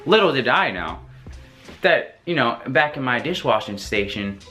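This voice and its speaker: Young man with a bright voice, storytelling. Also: mid-range voice, moderate pace, faint music behind. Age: young adult. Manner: animated, laughs often, swears freely. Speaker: vlogger. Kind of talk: casual storytelling.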